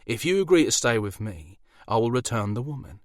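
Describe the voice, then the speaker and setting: A man's voice: mid-range voice, big pitch swings, brisk, no room sound, studio quality, voice pushed up, natural voice. A man voicing a smug, charming incubus demon who teases his grown daughter. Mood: teasing. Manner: teasing, indulgent, sly.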